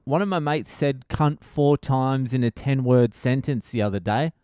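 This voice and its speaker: Swearing Australian man, smooth voice. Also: medium pitch, normal speed, mellow, no room sound, clean studio sound. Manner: crude, profane, swears constantly; laughs at his own jokes. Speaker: podcast host, comedian. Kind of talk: casual comedic monologue.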